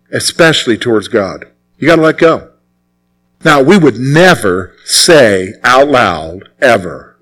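A man's voice: medium pitch, fairly bright tone. A man preaching a sermon as pastor, exhorting his listeners and driving points home by repeating them. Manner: exhorting, repetitive.

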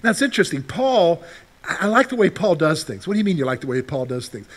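Animated high-voiced male preacher. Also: quick pace. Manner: animated, asks the congregation rhetorical questions. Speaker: pastor. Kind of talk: sermon.

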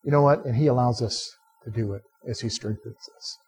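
A male pastor preaching a sermon to a live congregation, animated and conversational, quizzing listeners to answer back. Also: medium pitch, brisk, breathy edge, faint music behind. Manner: direct, conversational asides to the listeners. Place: church service before a live congregation.

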